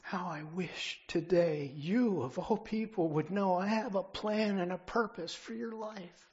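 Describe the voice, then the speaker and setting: A preacher voicing Jesus as a tender, weeping man who pleads softly and drifts into a whisper. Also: medium pitch, measured pace, muffled recording, close to an everyday voice. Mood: pleading.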